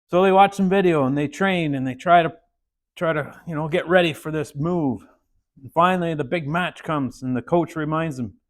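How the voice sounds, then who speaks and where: A man hosts a relaxed joke-telling segment and tells a long story at an easy pace. His delivery wanders and is full of pauses, and his voice sits slightly above average pitch. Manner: rambling storyteller, frequent "uh" pauses.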